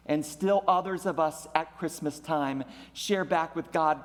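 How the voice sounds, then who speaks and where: A male pastor preaching a sermon in a church sanctuary, with a deliberate, repetitive preaching cadence. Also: on the high side. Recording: long reverb of a church sanctuary.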